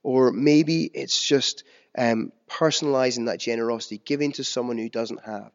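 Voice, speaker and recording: A man's voice: mid-range voice, fairly even intonation, moderate pace. Man preaching a sermon, conversational, self-deprecating, long hall reverb, dull muffled sound.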